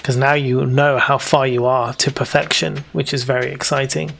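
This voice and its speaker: A man's voice: mid-range voice, level tone, moderate pace, creaky, fairly bright tone, a little hiss or hum. A man with a British accent giving casual, rambling gameplay commentary as a let's play host. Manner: chatty, rambling, self-teasing.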